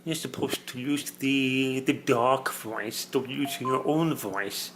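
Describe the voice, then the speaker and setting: Low-voiced dad with a gravelly edge. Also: male voice, takes it slowly, fairly bright tone, a little hiss or hum. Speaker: father. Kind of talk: casual home video chat.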